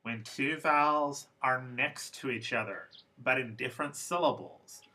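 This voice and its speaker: Bright-voiced man teaching pronunciation. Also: mid-range voice. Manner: slow, deliberate, repeats example words. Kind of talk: classroom lecture.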